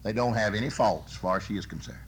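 A man preaching a sermon, telling folksy stories and swinging from loud bursts to soft, low asides. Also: fast, a little hiss or hum.

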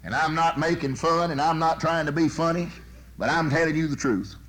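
A man preaches a sermon in a somewhat high voice, spinning folksy stories as he goes. His delivery swings from loud bursts down to soft, low asides. Faint noise sits under the recording. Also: fairly quick.

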